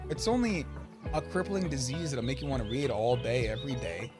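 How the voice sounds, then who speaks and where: A man's voice: medium pitch, a little fast. A young man casually commentating a game on stream, chatty and rambling, with game music behind.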